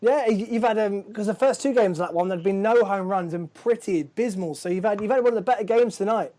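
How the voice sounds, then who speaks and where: A man's voice: high-pitched, fast, warm tone. A man hosting a live baseball chat show, tired and chatty, often stumbling over his words. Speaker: host.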